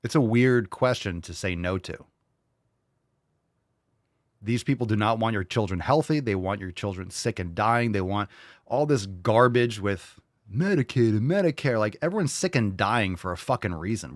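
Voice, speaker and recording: A man's voice: lowish voice, expressive, normal speed, dry recording, clean studio sound. Profane, ranting male commentary host. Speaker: podcast host. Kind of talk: heated political commentary.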